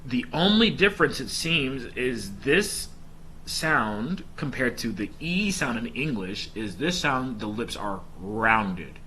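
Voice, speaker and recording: A man's voice: medium pitch, very animated, slow pace, sharp tone, slight background noise. A man casually explaining his language study plan and pronunciation practice to viewers, with chatty filler ums. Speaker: language learner vlogger.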